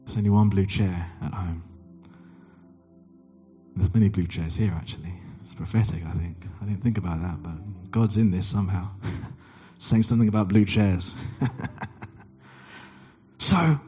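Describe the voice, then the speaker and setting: Animated preaching man, muffled church recording. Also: a little slow, long pauses, slightly rough, faint music behind. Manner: animated, acts out dialogue with big pitch jumps. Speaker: pastor. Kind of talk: sermon with storytelling.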